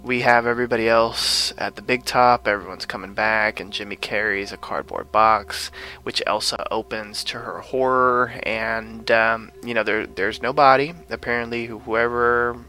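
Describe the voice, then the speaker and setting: A man with a bright, forceful voice talks through a show recap in a loose, casual way. He rambles and circles back, full of "you know" and "like," restarting his sentences as he goes. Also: fairly low pitch, fairly even intonation, normal speed, poor audio. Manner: rambling, many fillers and restarts. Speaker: podcast host.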